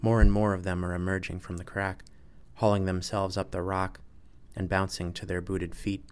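A man with a very low voice narrates a story in an even, measured way. His reading is steady and unhurried. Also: smooth. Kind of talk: audiobook narration.

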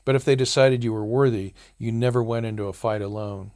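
A man reading a first-person story aloud as an audiobook narrator, in a measured, dry storytelling manner. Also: medium pitch, steady tone, a little mellow.

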